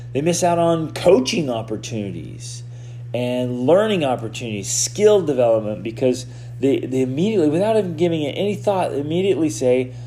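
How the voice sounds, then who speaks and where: A man hosting a podcast as a coach, giving a motivational talk in an animated way, often restarting and repeating words. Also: on the high side, a little hiss or hum.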